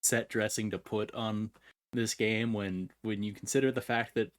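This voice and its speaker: A man's voice: on the low side, fairly even intonation, moderate pace. A man co-hosting a gaming podcast, chiming in with dry joking asides. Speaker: podcast co-host. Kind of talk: casual chat.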